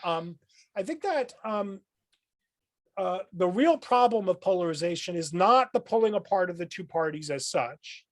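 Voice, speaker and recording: A man, a philosophy professor, explaining ideas as a guest on a podcast in a thoughtful, lecturing way, often pausing with "um" and restarting his phrases. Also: high voice, animated, no room sound, clean studio sound. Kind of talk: podcast interview.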